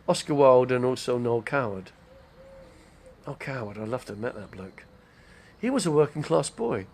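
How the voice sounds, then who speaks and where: Older guy, gravelly voice, rambling live-stream host. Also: medium pitch, very animated, normal speed, darkish tone, a little hiss or hum. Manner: chatty, digressive, name-dropping. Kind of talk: rambling casual monologue.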